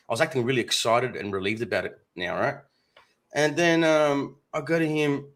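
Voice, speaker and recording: A man's voice: medium pitch, animated, moderate pace. A man chatting casually as a guest, telling a story and acting out both sides of a phone call. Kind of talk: casual chat.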